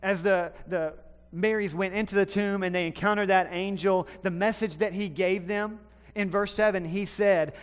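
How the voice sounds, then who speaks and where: A man from the American South preaching a sermon, telling a story with animated swings between loud and hushed delivery. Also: high voice, normal speed, few pauses, smooth. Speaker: pastor. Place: church sanctuary. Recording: long hall reverb.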